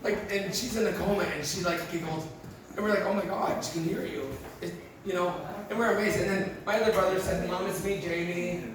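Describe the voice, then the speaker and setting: High-voiced man telling stand-up stories. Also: steady tone, fairly quick. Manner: candid, profane, emotional storytelling. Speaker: stand-up comedian. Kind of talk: stand-up storytelling. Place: live comedy venue with audience. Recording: echoey room, far mic, crowd noise.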